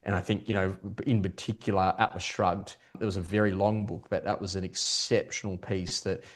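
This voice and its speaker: A middle-aged man, a performance coach, talking as a guest in a podcast interview, telling stories quickly with lots of restarts. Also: low-pitched. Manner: fast, animated storytelling with many restarts.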